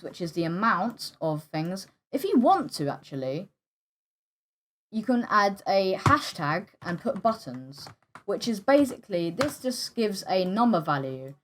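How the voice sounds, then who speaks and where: A young woman hosting a coding tutorial, hesitant and stumbling, often pausing with fillers and apologizing. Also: mid-range voice, big pitch swings, a little hiss or hum. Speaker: tutorial host. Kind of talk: screen-recorded coding tutorial.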